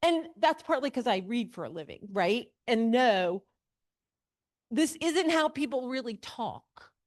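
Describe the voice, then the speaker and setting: Woman, class teacher, fairly high voice, unhurried, teasing asides, dry sound. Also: no room sound. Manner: animated, questions the class and reads passages aloud; mocks long-winded speech with playful asides. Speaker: adult Sunday class teacher. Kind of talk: literature class lecture. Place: church classroom.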